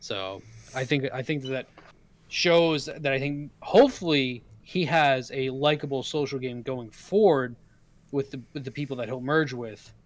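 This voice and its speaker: A man's voice: mid-range voice, a little slow. A man co-hosting a casual recap discussion, arguing emphatically and asking rhetorical questions. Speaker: podcast co-host.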